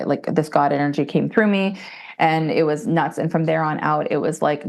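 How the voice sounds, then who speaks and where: A woman in her forties speaks as a podcast guest in a low, gravelly voice. She tells her story bluntly, swears freely, and jumps into other people's voices. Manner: profane, blunt and animated; acts out other people's voices when telling stories. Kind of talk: candid conversational storytelling.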